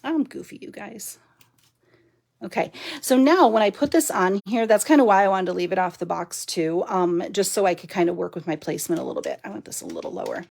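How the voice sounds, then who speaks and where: Giggly gravelly-voiced woman crafting live. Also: medium pitch, lively intonation, fairly quick, a little mellow. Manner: chatty and giggly, talks to viewers while working. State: overtired and punchy. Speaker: papercraft demonstrator. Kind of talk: live-stream crafting chat.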